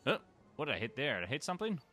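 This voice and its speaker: A man's voice: medium pitch, racing, faint music behind. Chatty man talking over a game. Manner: chatty, talks to the creatures on screen, excited exclamations. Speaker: gaming channel host. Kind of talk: let's play commentary.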